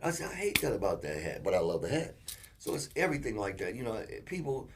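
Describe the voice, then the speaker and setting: A man co-hosting a casual relationship talk show, telling animated stories and acting out quotes. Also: fairly low pitch, fast talker, background noise. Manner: animated storyteller, acts out quotes. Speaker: co-host.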